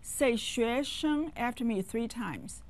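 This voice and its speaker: A woman teaching beginner phrases in a clear, instructive scripted lesson. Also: a little high, expressive, slow. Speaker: language teacher.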